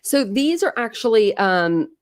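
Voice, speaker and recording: In a slightly high, sing-song voice, an unhurried Ohio woman hosts a relaxed true crime livestream on a dry recording. She laughs often, chats freely and welcomes viewers by name.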